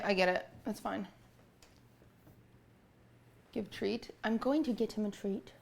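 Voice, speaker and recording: Give me a chatty young woman streamer with vocal fry. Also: on the high side, steady tone, a little slow, pauses often, a little mellow. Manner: chatty, coos at her cat between remarks to viewers. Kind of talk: casual live-stream chat.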